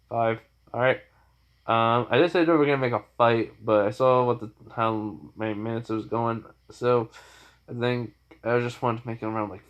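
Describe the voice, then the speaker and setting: A man casually narrating a fan-made story, rambling with loose restarts. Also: medium pitch. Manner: rambling, many fillers and restarts.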